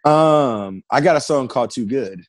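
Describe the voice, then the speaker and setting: Animated slangy man, dry sound. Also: mid-range voice, moderate pace, no echo. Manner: animated, slangy, laughs often. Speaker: musician guest. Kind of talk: casual interview chat.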